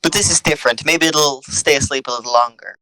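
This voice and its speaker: A man's voice: on the high side, fast, pushed and bright, no room sound. A man running a tabletop role-playing game as game master, playful and laughing often.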